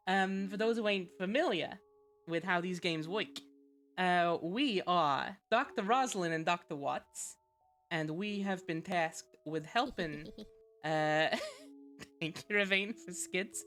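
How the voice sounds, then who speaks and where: A woman's voice: mid-range voice, sing-song, measured pace, a bit bright, soft background music. A woman streaming a game, chatting casually, laughing often and thanking viewers. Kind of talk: casual live-stream chat.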